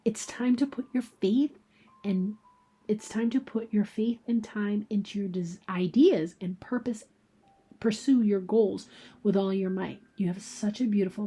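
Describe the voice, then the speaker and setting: Woman, tarot reader, casual and chatty, soft half-whispers, reads card messages aloud, mellow tone. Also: medium pitch, moderate pace, husky.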